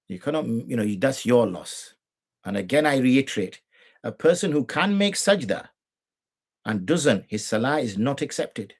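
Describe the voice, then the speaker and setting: A middle-aged man teaching rules of prayer on a live show, arguing his points with rhetorical questions and imitating the people he corrects. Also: mid-range voice. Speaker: Islamic jurist teaching.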